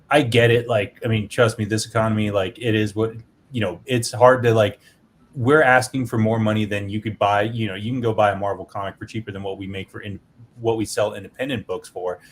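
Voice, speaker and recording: A man's voice: lowish voice, a little hiss or hum. A man who is a guest and indie comic creator, talking earnestly in a casual podcast chat, rambling with many fillers.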